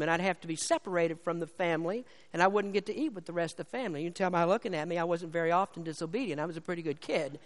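Preacher in a reverberant church hall. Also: male voice, a bit bright. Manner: slows and lifts his voice on key lines of scripture, then drops low. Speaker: pastor. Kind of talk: sermon.

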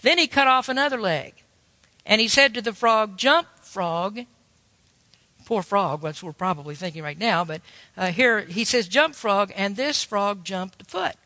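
Bright high-voiced man preaching a sermon. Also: moderate pace, no echo, in a large hall. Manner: storytelling, folksy and emphatic.

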